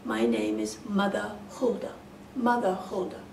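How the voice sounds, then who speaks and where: A woman voicing Mother Hulda, a kindly old fairy-tale woman who speaks gently, coaxing and giving instructions. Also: medium pitch, big pitch swings, measured pace. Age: older. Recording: roomy, distant mic, faint hiss.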